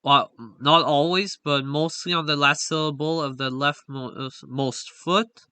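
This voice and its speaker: A man's voice: on the high side, steady tone, slow, pushed and bright, smooth, no echo. A young man giving a slide-based linguistics lesson, talking in a hesitant way with frequent fillers and self-corrections. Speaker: linguistics explainer. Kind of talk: slide lecture voice-over.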